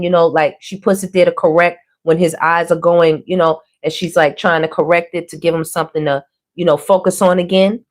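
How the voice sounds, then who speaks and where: Low-voiced woman giving a casual tarot reading. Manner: chatty, repetitive, relays messages in quotes. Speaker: tarot reader.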